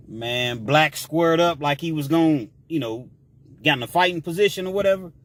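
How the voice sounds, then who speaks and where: A man telling a story in a casual, slangy way, with animated delivery and shouted sound effects. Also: fairly high pitch, normal speed.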